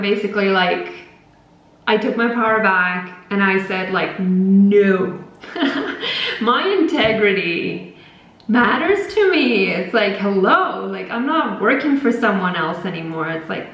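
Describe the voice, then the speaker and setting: A woman hosting a podcast, talking in a casual, rambling and animated spiritual monologue with lots of fillers. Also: medium pitch. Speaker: podcast host. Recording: very echoey room.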